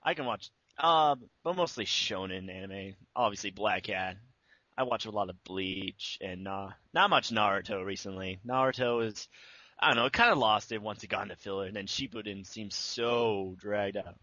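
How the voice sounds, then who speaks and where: Low bright-toned young man, rambling. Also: moderate pace, no room sound, dull audio. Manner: casual, rambling, many fillers. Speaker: interviewee, abridged series creator. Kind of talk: casual interview answers.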